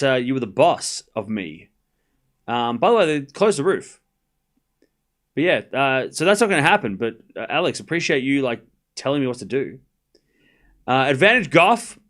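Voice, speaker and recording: An Australian man streaming live tennis play-by-play, trading quick, jokey back-and-forth with his chat. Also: medium pitch, a bit bright. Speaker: streamer calling a tennis match.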